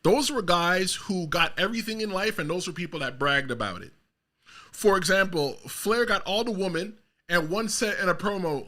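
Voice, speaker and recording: A man's voice: high voice, moderate pace. A man hosting a solo podcast, talking casually and animatedly, rambling and correcting himself as he goes. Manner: animated, rambling, self-correcting, bursts of quoting voices. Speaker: podcast host.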